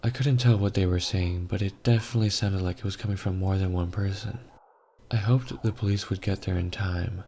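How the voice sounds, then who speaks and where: A man reading a scripted horror story aloud in a measured, grave first-person telling. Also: low voice, gravelly, mellow, slight background noise. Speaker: story narrator.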